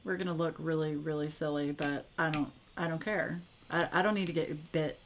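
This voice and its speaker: A woman with a low, easygoing voice chats to her viewers about her week. She talks in a lively, wry way, full of "um"s and playful sarcasm. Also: moderate pace, a little hiss or hum. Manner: chatty, animated, wry sarcasm with lots of fillers. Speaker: diamond painting YouTuber. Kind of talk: casual chat to viewers.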